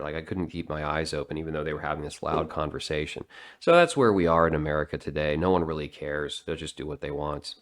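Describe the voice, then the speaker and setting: A man's voice: a bass voice, fairly bright tone. A man giving a sardonic, digressive casual monologue as a vlogger.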